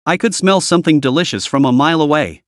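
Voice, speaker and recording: A man's voice: fairly high pitch, quick pace, no echo, clean studio sound, close to an everyday voice. A man doing an eager, snack-hungry young secretary.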